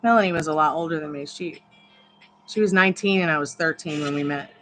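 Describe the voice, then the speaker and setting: Bright-voiced woman tarot streamer. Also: deep voice, fast, soft background music, rough recording. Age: 30s. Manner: rambling storyteller who talks to spirits. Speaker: tarot reader and live streamer. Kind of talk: casual live-stream chat.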